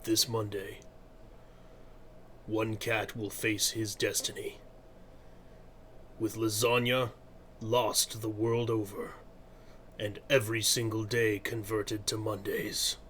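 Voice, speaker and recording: A man voicing a solemn, deep-voiced movie-trailer announcer with a slow, dramatic delivery. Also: little pitch movement, a bit bright, slight background noise. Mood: ominous.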